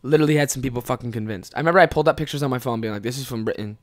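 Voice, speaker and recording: A man's voice: mid-range voice, rapid-fire. A young man from Ontario, a podcast host, telling rambling, profane stories in a casual way and laughing often. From Ontario, Canada. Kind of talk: casual storytelling.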